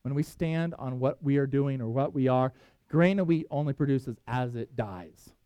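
A man preaching a sermon, reading scripture aloud with emphatic swings in loudness. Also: medium pitch, normal speed, clear, resonant tone, dry recording. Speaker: pastor.

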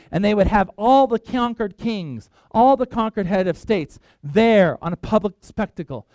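A man's voice: on the high side, darkish tone, dry recording. A middle-aged man, a pastor preaching a conversational sermon, acting out quoted voices and restarting sentences as he goes.

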